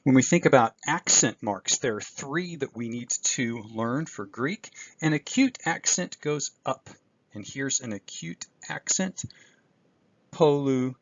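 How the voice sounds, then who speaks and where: A man's voice: mid-range voice, animated, measured pace, no room sound. A man teaching an introductory Greek class in a recorded screencast, explaining step by step with occasional fillers. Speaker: Greek instructor. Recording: dull, dry screencast audio.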